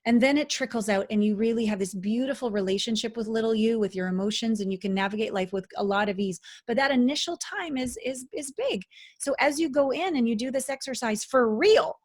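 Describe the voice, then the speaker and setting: A woman's voice: on the high side, a little fast. A middle-aged woman talking as a guest coach in a casual interview, emphatic and dramatic.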